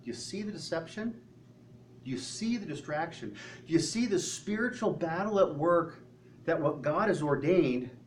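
A pastor delivers his sermon with earnest conviction, posing question after rhetorical question to the congregation. He speaks at normal speed in a fairly high, animated voice, recorded from afar with a faint hum.

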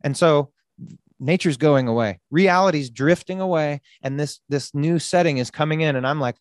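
A man hosting a podcast, telling a story with lots of swearing and loud acted-out quotes. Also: on the high side, moderate pace, dry recording. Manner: animated, swearing, acts out quotes loudly. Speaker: podcast host. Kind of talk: casual storytelling.

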